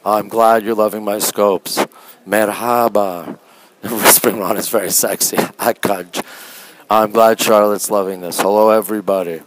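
A man from Canada keeps his somewhat low voice down to a hush as he livestreams from a quiet art museum. He chats casually and greets his viewers one by one by name. He speaks into a phone microphone held close. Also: fairly even intonation, moderate pace, rough recording. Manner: talking low and hushed. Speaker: livestream host. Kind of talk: casual live-stream chat.

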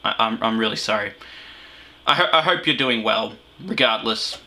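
A man's voice: lowish voice, moderate pace, pushed and bright. A teenage Australian man rambling through a crude, swearing reaction commentary at home. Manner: rambling, swearing, frequent fillers. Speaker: reaction video host. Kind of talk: profane comic reaction commentary. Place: small room at home with a heater running.

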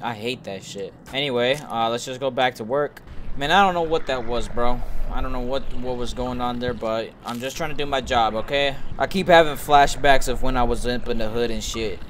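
A young man streaming a horror game, joking and swearing to his chat as he plays, and shouting when something startles him. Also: medium pitch, brisk, a little hiss or hum. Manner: joking, profane, talks to himself. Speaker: gaming streamer. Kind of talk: let's play commentary to chat.

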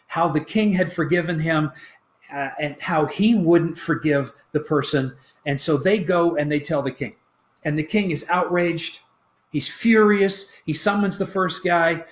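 Animated male pastor in an echoey room. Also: a little high. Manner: animated storytelling, acting out quoted lines. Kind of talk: sermon.

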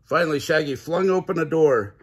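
A man's voice: fairly high pitch, brisk, breathy edge. An older man reading a children's picture book aloud, chuckling often between lines. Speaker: grandfather reading to kids.

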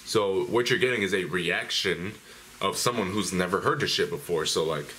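A man's voice: low voice, normal speed, sharp tone, slight background noise. A man with an American accent giving casual reaction commentary as host, talking bluntly and straight to his viewers. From United States.

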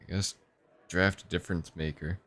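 A young man hosting his own gaming channel, giving relaxed, rambling commentary and thinking aloud as he plays. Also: low-pitched, normal speed. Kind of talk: casual gameplay commentary.

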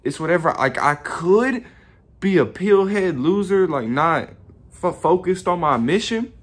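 A young YouTuber gives a rambling, profane, self-reflective motivational monologue straight to camera, frequently laughing at himself. He speaks unhurriedly in a high voice with lively intonation.

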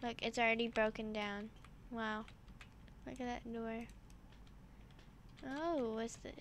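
A woman hosting casual gameplay commentary, excitable and full of exclamations as she talks to her viewers. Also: a little high, slow pace, slight background noise. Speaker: gaming channel host.

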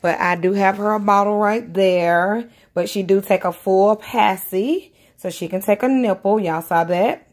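A woman's voice: medium pitch, unhurried. A chatty woman talks to her viewers while unboxing a doll at home. She calls them "y'all" and talks in a loose, casual way. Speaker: doll collector vlogger. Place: indoors at home, by a window.

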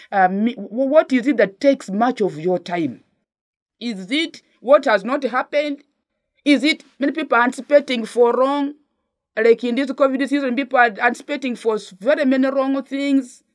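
A woman's voice: fairly high pitch, a little mellow. A woman pastor with a Ugandan English accent preaches a sermon. She presses her listeners with repeated rhetorical questions and exhortations.

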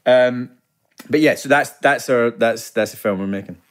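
A man, a guest telling stories in a casual podcast chat, lively and laughing often. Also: medium pitch, moderate pace. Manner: animated storyteller, laughs often. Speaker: guest actor.

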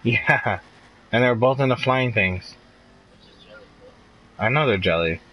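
A man's voice: mid-range voice, lively intonation, takes it slowly, pushed and bright, rough recording. A young man live streaming a video game, chatting casually and swearing as he gets frustrated. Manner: frustrated, swearing, laughing outbursts. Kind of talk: casual gameplay commentary.

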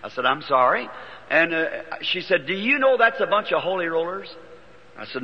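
A man's voice: fairly high pitch, moderate pace. A man preaching a sermon, telling a story in a folksy way and acting out the people in it. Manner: folksy storytelling, voices quoted people, builds to excited shouting. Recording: dull lo-fi 1950s tape in a reverberant hall.

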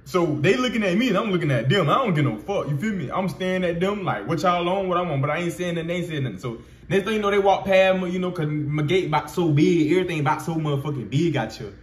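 A vlogger in his twenties tells a personal story in loose, profane slang packed with fillers. His fairly high voice is animated and fast with few pauses, and the sound is roomy.

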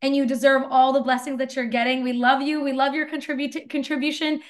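A woman's voice: high-pitched, little pitch movement, brisk. A woman hosting a webinar over a video call, gushing and effusive as she praises her guests. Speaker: webinar host.

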